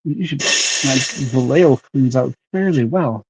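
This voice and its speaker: A man's voice: medium pitch, lively intonation, unhurried, a little mellow, husky, poor audio. A man hosting a livestream, chatting casually while airbrushing a model and greeting viewers by name. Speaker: livestream host.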